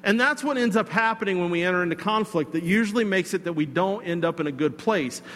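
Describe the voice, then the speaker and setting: A man preaching a sermon, telling a personal story in a conversational, animated way with asides to the congregation. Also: sits high, quick pace, in a large hall, a little hiss or hum. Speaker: pastor.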